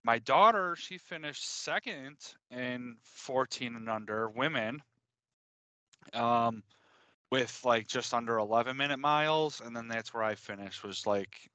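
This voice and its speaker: Man, mid pitch, bright voice, animated casual podcast storyteller, dry studio sound. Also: measured pace, dry recording. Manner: animated, swears freely. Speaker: podcast co-host.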